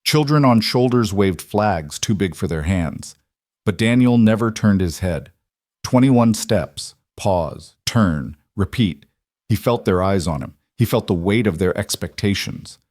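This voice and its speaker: A man reads a story in a low, steady voice, pacing each sentence with measured drama. The sound is dry and close, with no room around it. He narrates with the even control of a scripted storyteller. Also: no room sound.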